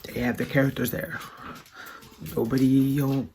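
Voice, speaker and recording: A man's voice: mid-range voice, level tone, moderate pace, a little mellow, slight background noise. A man speaking in an earnest, heartfelt and loosely rambling way in a casual video monologue. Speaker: vlogger.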